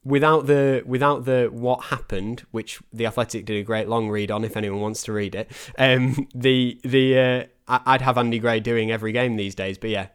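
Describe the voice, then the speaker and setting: A man's voice: mid-range voice, steady tone, moderate pace, hardly any pauses, smooth. A man chatting casually on a football podcast, thoughtful and hesitant. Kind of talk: casual chat.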